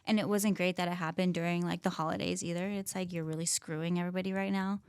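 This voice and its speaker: A young woman talks casually as a guest, with a smooth, clear voice pitched a little low. She is chatty, fills her speech with "like" and "um," and quotes her own reactions. The sound is dry and close. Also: steady tone, quick pace, dry recording. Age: young adult. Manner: chatty, lots of fillers and quoted asides. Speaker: personal trainer guest. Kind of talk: casual chat.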